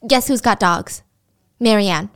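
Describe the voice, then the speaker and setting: A woman's voice: mid-range voice, slow. A woman telling a true crime story in a casual, chatty way, with sarcastic and incredulous asides.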